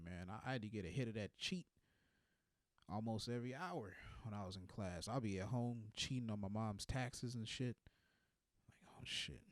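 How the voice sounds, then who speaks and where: A man's voice: on the low side, a little mellow, no echo. A man in his twenties doing a rambling comedic monologue, laid-back and tagging his lines with "man". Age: 20s.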